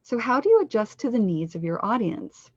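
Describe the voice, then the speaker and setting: A woman coach giving a scripted webinar lesson on pronunciation, slowing down to stress numbers for clarity. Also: fairly high pitch, big pitch swings, breathy edge, no room sound. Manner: slow deliberate stress on numbers for teaching. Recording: dull lo-fi dry recording.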